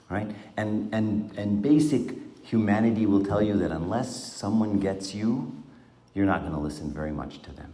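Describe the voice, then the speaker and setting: Deep-voiced man teaching a small group. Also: normal speed, mellow. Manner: asks the group questions, conversational. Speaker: Bible teacher. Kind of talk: informal Bible talk to a small group. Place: small room around a table. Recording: echoey room.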